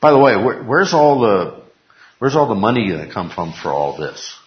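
A man's voice: lowish voice, big pitch swings, normal speed. A man teaching a Bible class, emphatic, repeating key phrases and putting questions to the class. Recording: echoey room, dull lo-fi sound.

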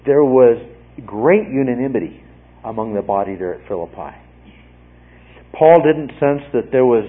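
A man teaching through scripture to a congregation, emphatic and repetitive, checking in with "okay?" after each point. His voice is a little husky and sits at a middle pitch. The recording is narrow and tinny, like an old radio broadcast heard over a phone line. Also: lively intonation, unhurried, long pauses. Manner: emphatic, repeats phrases, frequent "okay?" check-ins. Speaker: Bible teacher. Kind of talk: verse-by-verse Bible teaching.

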